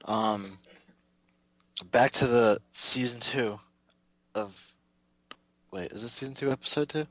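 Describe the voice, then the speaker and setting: A man's voice: mid-range voice, slow pace, pauses often, a bit bright, no room sound. A man co-hosting a casual gaming podcast, hesitant and full of questions and fillers. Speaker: podcast co-host.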